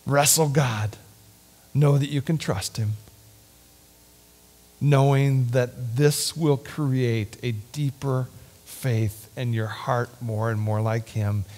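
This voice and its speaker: A man preaching a sermon and leading a prayer in a church, earnest and heartfelt, sometimes sinking to a hushed whisper. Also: mid-range voice. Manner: earnest, drops to a hushed whisper at tender points. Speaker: lay preacher. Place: church sanctuary.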